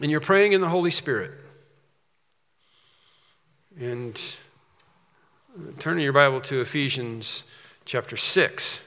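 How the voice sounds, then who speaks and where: A man's voice: mid-range voice, expressive, slow, long pauses, sharp tone. A man preaching a sermon as pastor, emphatic, repeating phrases and rising on key points. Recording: reverberant hall.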